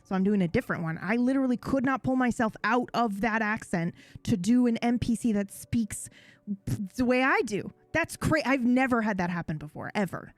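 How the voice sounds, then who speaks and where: A woman's voice: a little high, expressive, fairly quick, dry recording. A woman co-hosting a casual chat podcast, talking in an enthusiastic, gushing way. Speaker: podcast co-host.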